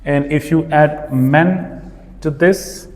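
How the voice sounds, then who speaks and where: Indian english guy teaching pronunciation, says each word twice, slightly high voice, big echoey room. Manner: slow and deliberate, repeating each word. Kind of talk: pronunciation lesson. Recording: echoey room with long reverb.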